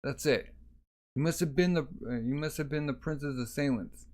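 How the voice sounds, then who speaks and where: A man's voice: fairly high pitch, normal speed, darkish tone, natural voice. A man voicing a blustering, accusing male town guard who barks orders at suspects.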